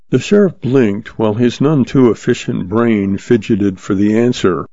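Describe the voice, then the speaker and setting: A man narrating a story in a steady, even reading, recorded dry and slightly muffled. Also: fairly low pitch, moderate pace, hardly any pauses, dry recording. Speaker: audiobook narrator. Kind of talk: scripted narration.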